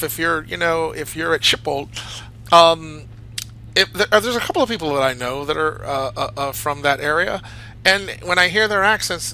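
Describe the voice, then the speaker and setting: A man's voice: medium pitch, sharp tone, slight background noise, poor audio. A man reviewing a flight simulator add-on in casual commentary, chatty and enthusiastic with rambling asides.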